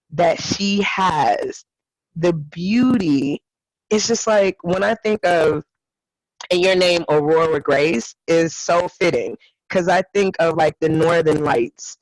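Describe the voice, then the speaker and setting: A woman's voice: fairly low pitch, no echo, low-quality recording. A woman co-hosting a casual spiritual podcast chat, effusive and given to acting out what others said. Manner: effusive, acts out others' lines in quoted voices. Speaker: podcast co-host.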